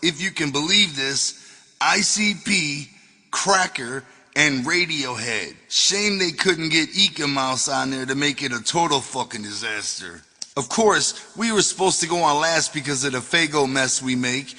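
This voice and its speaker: A man reads his own memoir aloud in a profane, wisecracking storytelling voice. His tone is bright and forceful and sits a little high. A long reverb trails after him. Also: a little slow. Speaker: author reading his memoir. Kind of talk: audiobook narration of memoir.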